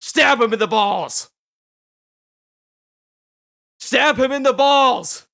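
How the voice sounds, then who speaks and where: A man voicing a rowdy male mercenary who cheers on a fight with hyped shouts. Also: sits high, wildly swooping pitch, measured pace, vocal fry, heavily acted. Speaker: voice actor. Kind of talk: voice acting session.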